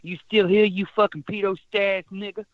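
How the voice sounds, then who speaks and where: A man's voice: high voice, flat delivery, moderate pace, no echo. A man calling into a show, aggressive and threatening with heavy swearing, heard through dull phone-call audio. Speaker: caller. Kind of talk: prank call-in trolling.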